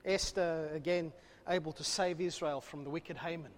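A man preaching a sermon, swinging between loud, fervent calls and hushed, low asides. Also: fairly even intonation, normal speed. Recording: long hall reverb.

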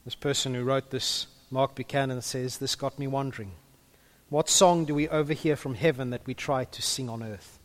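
A man's voice: mid-range voice, fairly even intonation, normal speed. A man preaching a sermon in a conversational way, with humorous asides and a few stumbles.

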